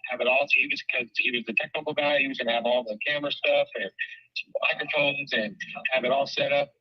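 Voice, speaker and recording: A man's voice: mid-range voice, fairly even intonation, quick pace, highs cut off. A man in casual conversation, recounting events in a rambling way, repeating words and swearing often. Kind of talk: casual phone chat.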